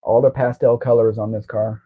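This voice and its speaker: A man at an average pitch, hosting a relaxed live stream and rambling along with wry little asides. The audio is dull and lo-fi, like a home stream. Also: moderate pace. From Southern California. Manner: rambling, chatty car talk with wry asides. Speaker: show host. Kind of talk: casual live-stream chat.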